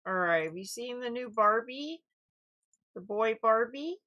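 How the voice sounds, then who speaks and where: A middle-aged woman hosts a loose news commentary at an unhurried, drawn-out pace. She rambles with fillers and restarts. Her asides carry an exasperated, incredulous edge. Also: a little high, expressive, lo-fi sound. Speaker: host.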